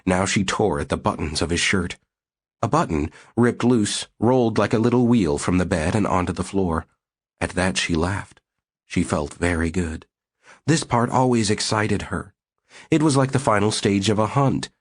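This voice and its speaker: A man reading a novel aloud as audiobook narrator in a steady, measured way. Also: sits low, breathy edge. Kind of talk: scripted narration.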